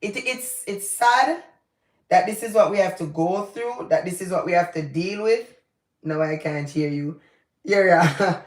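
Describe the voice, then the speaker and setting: Jamaican lady going off on a live vlog, heated and emphatic, patois mixed in, echoey room. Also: fairly low pitch. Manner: passionate, emphatic, mixing in patois. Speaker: channel host. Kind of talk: opinionated live commentary.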